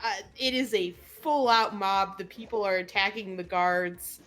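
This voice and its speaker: A woman narrating a tabletop game as game master, relaxed, with frequent pauses and laughs. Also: mid-range voice.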